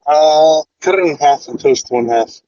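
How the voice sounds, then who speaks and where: A man playing in a tabletop game, talking casually in a drawn-out way, on a dry, dull recording. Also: a little high, dark tone, dry recording. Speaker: player.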